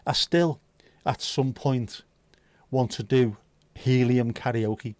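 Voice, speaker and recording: A man's voice: mid-range voice, steady tone, takes it slowly, darkish tone, no echo. A man hosting a casual livestream, chatting loosely, reading out viewer comments and joking around with plenty of swearing. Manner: rambling, jokey, swears freely. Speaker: livestream host.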